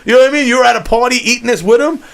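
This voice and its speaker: A man's voice: very high-pitched, racing, creaky, fairly bright tone. A young man, telling a wild story on his podcast, rambling, laughing often and swearing. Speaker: podcast host. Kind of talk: casual storytelling chat.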